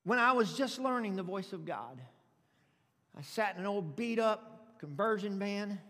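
A man preaching a sermon to a congregation, calling out for amens and exclaiming loudly between points. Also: sits high, animated, a little slow. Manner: preaching with loud exclamations and call-outs. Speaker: pastor. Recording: music under reverberant hall.

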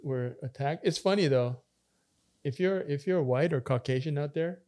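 A man's voice: on the high side, normal speed, darkish tone. Man, pastor, rambling storyteller, casual podcast chat. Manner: talkative, storytelling with many fillers and restarts.

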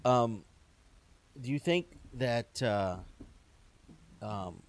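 A man's voice: mid-range voice, extremely slow. A middle-aged man hosting a podcast interview, easygoing and hesitant with many ums. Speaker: podcast host. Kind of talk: casual interview.

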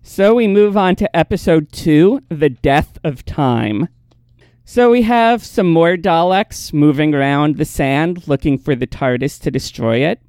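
Male podcast host, clear and crisp, relaxed storyteller, dead-dry booth sound. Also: a little high, measured pace, dry recording. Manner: relaxed storyteller, laughs easily. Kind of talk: casual chat recapping episodes.

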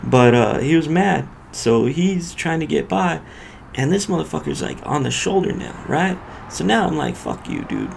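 A man's voice: fairly high pitch, normal speed, vocal fry, slight background noise. A male podcast host casually telling a profane road-rage story in loose street slang.

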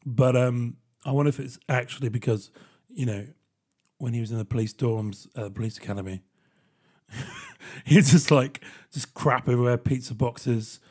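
A man's voice: medium pitch, moderate pace, darkish tone, breathy edge. A man hosting a solo comedic podcast, rambling and self-deprecating, with frequent laughs. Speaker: podcast host.

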